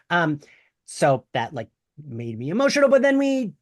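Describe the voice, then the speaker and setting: A man hosting a video podcast, chatting loosely and excitably about a show. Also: fairly high pitch, moderate pace, dry recording, clean studio sound. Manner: loose, excitable, swears casually. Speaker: podcast host. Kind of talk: casual pop-culture chat. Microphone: close mic on camera, dry.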